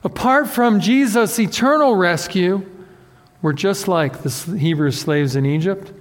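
A man with a notably high voice preaches a conversational sermon, animated and self-deprecating, often acting out what people say. His voice carries a long reverb, as if he is speaking in a hall. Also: a little slow. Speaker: pastor.

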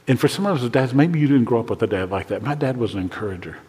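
An older man preaching a sermon to fathers, earnest and dropping to a hushed voice when praying. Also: medium pitch, racing, few pauses, big-room sound. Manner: earnest, drops to a hushed voice for prayers. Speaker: pastor.

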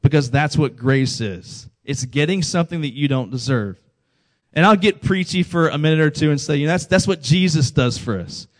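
A man's voice: fairly high pitch, expressive, normal speed. A man in his thirties preaching a sermon to a congregation, conversational and telling stories with quoted dialogue. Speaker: pastor.

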